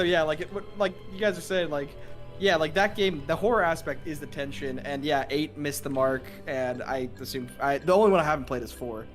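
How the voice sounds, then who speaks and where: A young man chatting loosely on a gaming stream, his voice sitting a little higher than most. He rambles and leans on fillers, laughing along the way. Faint game music plays underneath. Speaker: streamer co-host. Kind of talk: casual gaming chat.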